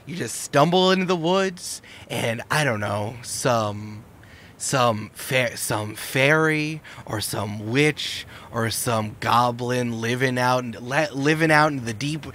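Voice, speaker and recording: A man's voice: mid-range voice, slow, a bit bright, a little hiss or hum, pitched below the performer's own voice. A man voicing a spiteful, proud, bookish villain who taunts and boasts bitterly. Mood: bitter, boastful.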